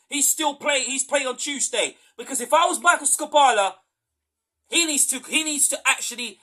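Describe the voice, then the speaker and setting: A man hosting a football fan podcast, ranting after a match, exasperated, repeating himself and at times shouting. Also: extremely high pitch. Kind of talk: post-match fan reaction rant.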